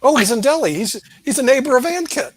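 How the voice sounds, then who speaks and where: A man's voice: extremely high pitch, expressive, quick pace, breathy edge, no echo. A man hosting a casual panel chat over a video call, joking and laughing often. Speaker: host. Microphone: video call mic.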